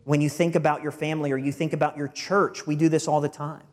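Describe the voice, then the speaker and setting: A man preaching a sermon with a slightly high-pitched voice. He speaks earnestly and with emphasis, often stumbling into repeated words as his points build. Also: level tone, fast talker. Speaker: pastor.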